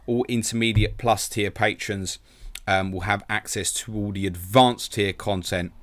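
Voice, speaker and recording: A man's voice: low voice, fairly bright tone. A man hosting a live fantasy football stream, reading out viewers' questions and answering casually, calling them mate. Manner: casual and quick, calls viewers mate, self-deprecating.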